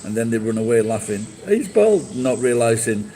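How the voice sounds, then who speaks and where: A man's voice: fairly low pitch, level tone, brisk, mellow, soft background music, low-quality recording. A man live streaming and chatting with viewers, blunt and profane as he berates them.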